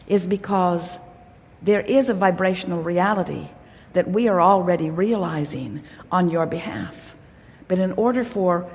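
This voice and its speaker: A woman giving an inspirational workshop talk to a crowd, emphatic and playful, speaking as "we". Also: lowish voice. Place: large hall. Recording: long hall reverb.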